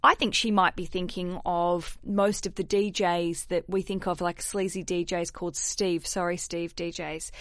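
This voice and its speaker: A woman hosting a podcast, giving casual advice, animated and candid, swearing freely and laughing at herself. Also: fairly low pitch, normal speed, few pauses, dry recording, clean studio sound. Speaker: podcast host.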